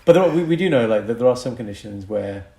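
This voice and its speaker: A man who is a doctor and podcast co-host, explaining a medical condition in a casual, lively chat. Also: mid-range voice, fast. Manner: explains medical topics, lively, slips into mock accents.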